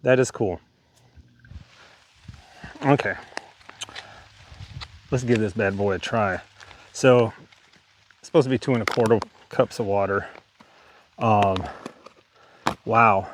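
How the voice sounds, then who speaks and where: A man's voice: fairly low pitch, slow, pauses often, a little hiss or hum. A man vlogging on a hike outdoors, chatting casually while he shows off his gear. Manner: relaxed, chatty, demonstrating gear. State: breathing hard. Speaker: hiking vlogger. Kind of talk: casual outdoor vlog narration. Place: outdoors by a lake in the woods.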